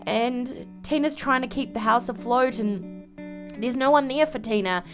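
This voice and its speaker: Woman, game video narrator, dramatic storytelling, fairly high voice, faint guitar music. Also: unhurried. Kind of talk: story narration over gameplay.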